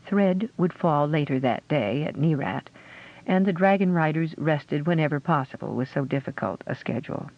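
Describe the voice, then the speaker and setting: A man narrating a fantasy audiobook with a steady storytelling delivery. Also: on the high side, normal speed, creaky. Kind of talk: scripted narration. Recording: dull lo-fi audio.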